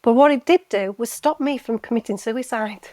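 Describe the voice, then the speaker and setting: Earnest woman guest, halting restarts. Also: on the high side, darkish tone, no room sound. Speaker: podcast guest. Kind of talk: candid conversational storytelling. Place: podcast recording.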